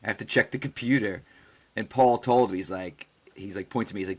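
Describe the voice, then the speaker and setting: A man's voice: on the low side, brisk, a little mellow, slightly rough. A man co-hosting a podcast, telling a story casually, acting out the quoted dialogue and swearing freely. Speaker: podcast co-host.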